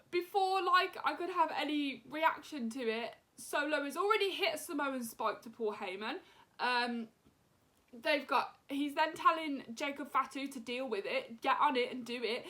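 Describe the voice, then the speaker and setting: Bright-voiced young woman recapping excitedly. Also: a little high, normal speed. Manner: animated, many fillers, acts out wrestlers' lines. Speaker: wrestling show reviewer.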